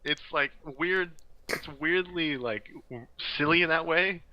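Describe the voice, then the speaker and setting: A young man, a guest on a casual podcast, telling animated stories and laughing often. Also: fairly high pitch, unhurried, no echo, highs cut off.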